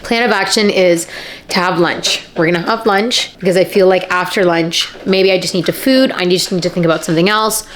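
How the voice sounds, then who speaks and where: A young woman chatting casually to camera in a vlog, tired, animated and self-deprecating. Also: fairly low pitch, fairly quick, a little hiss or hum. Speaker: vlogger.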